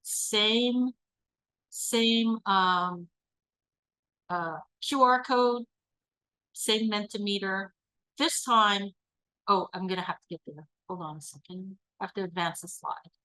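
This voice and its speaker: Slow, bright-voiced woman presenter. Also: medium pitch, no echo, low-quality recording. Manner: slow, calm, reads audience answers aloud. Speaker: workshop presenter. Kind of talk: guided visualization and online workshop. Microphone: video call.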